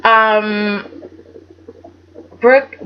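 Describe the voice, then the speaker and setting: A woman reviewing a soap opera episode in casual chat, animated and chatty, acting out quotes in dramatic voices. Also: mid-range voice, very slow. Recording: dull lo-fi sound with faint background noise.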